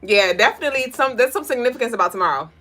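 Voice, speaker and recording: A woman's voice: a little high, lively intonation, very fast, sharp tone, faint music behind. A woman hosting a casual livestream of daily spiritual and tarot readings. She is chatty and profane, laughs often, and reads chat comments aloud.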